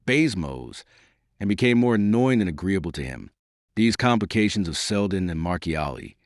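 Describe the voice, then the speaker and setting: A man reads a classic novel aloud as an audiobook narrator, with a measured, dramatic delivery. His voice is low, yet his intonation rises and falls with lively range. The sound is dry and close, without room echo. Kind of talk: scripted narration.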